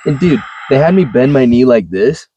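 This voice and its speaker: A man's voice: mid-range voice, lively intonation, moderate pace, dark tone, breathy edge, no echo, highs cut off. A young man co-hosting a casual chat, laid-back and casually swearing, with plenty of dude and bro. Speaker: podcast co-host.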